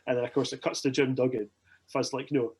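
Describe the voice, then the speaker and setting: A young Scottish man spins a long, rambling anecdote in casual chat, animated and swearing freely. His voice has a husky, slightly breathy edge at a middling pitch. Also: quick pace. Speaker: podcast guest. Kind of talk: casual storytelling.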